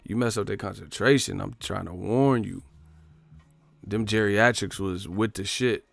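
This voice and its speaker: A man's voice: on the low side, unhurried, vocal fry, a bit bright, no echo. A man telling a profane, rambling comic story in casual slang. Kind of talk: casual comedic storytelling monologue.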